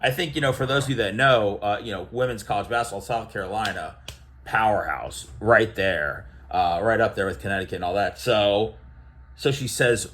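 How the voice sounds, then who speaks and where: A young man chatting casually to camera about opening sports cards, rambling and storytelling with lots of fillers and restarts, livening up when he retells conversations. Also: lowish voice. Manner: animated when retelling exchanges. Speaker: card collecting vlogger.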